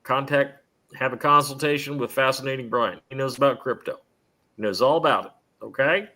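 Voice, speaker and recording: A middle-aged man hosts a live stream show in loose, rambling chat. His voice is bright and ringing, at an ordinary pitch. He often stumbles and restarts mid-sentence. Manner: rambling, chatty, restarts often, quick laughs. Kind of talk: casual chat.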